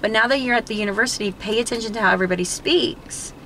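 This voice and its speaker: A bright, higher-pitched middle-aged woman with a Southern accent chats easily at home, acting out the lines of people in her stories. Her voice is clear and forward. A faint hiss of room noise stays under the conversation. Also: racing, low-quality recording. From South Florida. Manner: chatty storyteller, full of quoted asides. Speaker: channel host. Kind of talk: casual chat. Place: home room, indoors, fan running.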